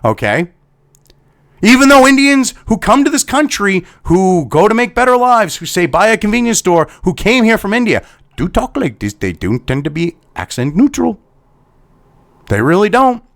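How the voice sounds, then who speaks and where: A man's voice: high-pitched, sing-song, normal speed, fairly bright tone. A man ranting as a commentator, heated and sarcastic, swearing constantly. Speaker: online commentator. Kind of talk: angry profane rant.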